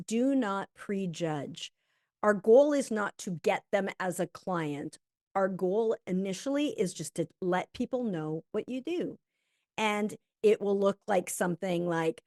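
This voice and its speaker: A woman teaching a health coaching lesson who acts out sample conversations with lively energy. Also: medium pitch, dry recording, clean studio sound.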